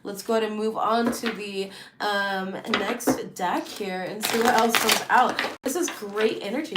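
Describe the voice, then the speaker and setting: A woman giving a casual, chatty tarot reading, animated and full of fillers. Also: a little high, a little slow, hardly any pauses, reverberant, heavy background noise. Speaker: tarot reader.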